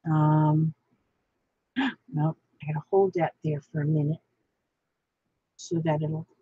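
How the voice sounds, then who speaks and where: Slow, musing woman crafting at home. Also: low voice, fairly even intonation, breathy edge, no room sound, phone-quality sound. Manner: rambling, musing over names, chatting to her craft piece. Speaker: crafting vlogger. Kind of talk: casual thinking aloud while crafting.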